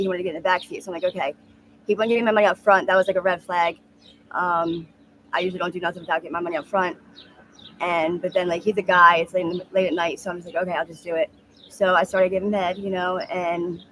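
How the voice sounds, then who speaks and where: A woman in her thirties speaks quickly and candidly, halting often with fillers as she recounts her story. She is recorded outdoors on a street, with faint birdsong and street noise behind her. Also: fairly low pitch, a bit bright. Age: 30s. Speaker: interviewee. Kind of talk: street interview.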